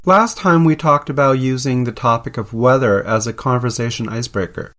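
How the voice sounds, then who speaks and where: A man's voice: mid-range voice, a little fast, a bit bright. A man hosting a podcast, narrating from a script in a playful, explanatory way. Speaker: podcast host.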